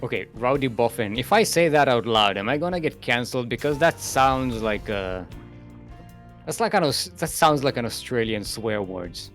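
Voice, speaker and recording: A man's voice: mid-range voice, animated, normal speed, fairly bright tone, soft background music. A man casting a live esports match as play-by-play commentator, playful and giggly, joking between calls. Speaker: esports caster.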